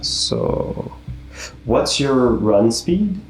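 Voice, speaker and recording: A man's voice: medium pitch, very animated, very slow, creaky, slight background noise. A man narrating as game master of a tabletop game, easygoing, laughing often and explaining the rules patiently. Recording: echoey room with faint music.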